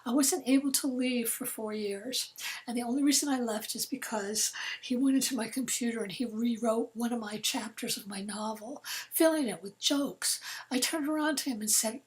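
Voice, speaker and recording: Woman in her sixties, novelist, personal storytelling talk, earnest, slightly high voice, hushed at times. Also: normal speed, poor audio. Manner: earnest, drops to soft near-whispers for heavy moments.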